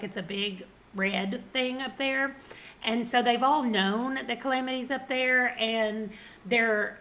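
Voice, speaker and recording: With a Southern American accent and a fairly bright voice on the high side, this woman in her forties vlogs about books in a relaxed review chat. She's from the Southern United States and laughs frequently as she talks through what she's read.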